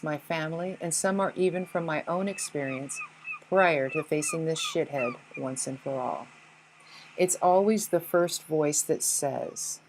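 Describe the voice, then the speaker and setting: A woman's voice: lowish voice, a little hiss or hum, poor audio. A woman giving a scripted spiritual presentation, earnest and blunt, with occasional swearing. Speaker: spiritual speaker.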